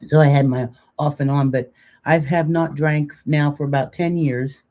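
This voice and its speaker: An older woman serves as co-host of a laid-back live chat, chatting, cracking jokes and wandering into lengthy stories. Her low, mellow voice is steady in tone and moves at a normal speed.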